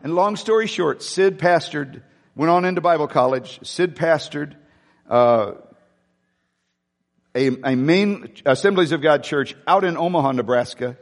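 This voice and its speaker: A man preaching a sermon, telling a personal story candidly and emotionally, swinging from loud to hushed. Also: on the high side, lively intonation, unhurried, big-room sound. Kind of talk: sermon testimony.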